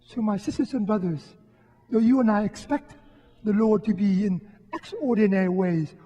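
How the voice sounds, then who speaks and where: A priest delivers a homily in a soft, husky, mellow voice. He speaks gently and reflectively, pausing often. The sound rings with the long reverb of a church. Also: high voice, lo-fi sound. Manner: gentle, reflective, with frequent pauses. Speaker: Catholic priest giving a homily. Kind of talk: sermon. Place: church during Mass.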